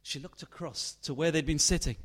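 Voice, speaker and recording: A man narrating a dark tale in a slow, deliberate, hushed storytelling manner. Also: fairly high pitch, husky.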